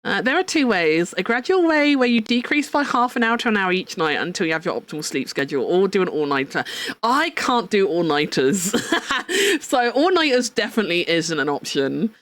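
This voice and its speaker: A woman chatting casually on a live stream, excitable, swearing and laughing often. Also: mid-range voice, brisk. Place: home room at a desk.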